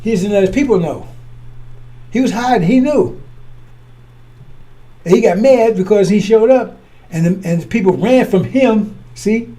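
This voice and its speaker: A man's voice: sits high, unhurried, pauses often, mellow. A man preaching in a blunt, scornful way, often repeating and restarting his words. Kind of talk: fiery preaching.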